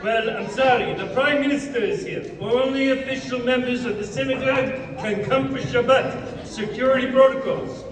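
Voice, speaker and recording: A man playing a blunt, suspicious bodyguard in an amateur stage comedy, with a curt, deadpan delivery. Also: very high-pitched, normal speed, crowd noise. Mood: stern. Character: blunt tough male bodyguard, boastful and suspicious. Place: large hall stage. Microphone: distant room mic. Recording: echoey hall from far off.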